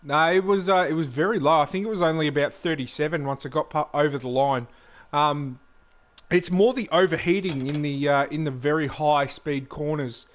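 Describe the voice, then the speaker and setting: Relaxed man commentating sim racing. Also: on the high side, moderate pace. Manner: relaxed, many fillers and restarts, says "mate". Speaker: co-commentator and league driver.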